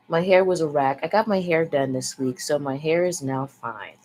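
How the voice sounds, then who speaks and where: Low young woman, frank rambling vlog chat, sighs and swears, faint background hiss. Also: moderate pace, darkish tone, poor audio. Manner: frank, sighing, swears freely. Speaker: vlogger.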